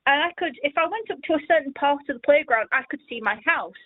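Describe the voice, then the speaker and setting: A woman calling in to a radio show, telling a childhood story in an animated way and acting out the voices. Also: high-pitched, fast, no echo. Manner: animated, acts out the quoted voices. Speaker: caller. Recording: dry tinny phone line.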